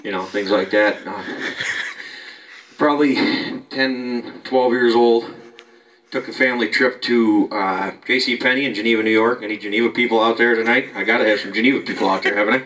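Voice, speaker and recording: A man's voice: fairly low pitch, fairly even intonation, a little fast. A man doing an improvised amateur stand-up routine at home, rambling and chuckling at his own jokes. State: out of breath near the end. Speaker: amateur comedian. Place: home basement. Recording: distant mic, noisy basement.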